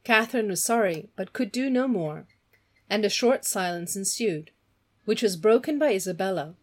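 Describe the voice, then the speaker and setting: Expressive woman reading a novel aloud. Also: mid-range voice, moderate pace. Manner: expressive, voices the characters. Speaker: reader of a novel.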